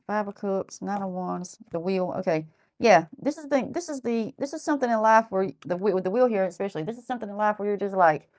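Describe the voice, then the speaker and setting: A woman's voice: mid-range voice, quick pace. A woman giving a casual tarot reading who talks bluntly, thinks aloud and repeats herself. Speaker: tarot reader.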